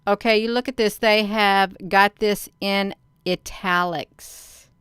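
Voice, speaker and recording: Slow, smooth-voiced woman reading aloud. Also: medium pitch, fairly even intonation, fairly bright tone, no echo, clean studio sound. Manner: emphatic, repeats phrases, addresses viewers as "you all". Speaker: channel host reading and commenting on a document. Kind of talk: casual commentary while reading aloud.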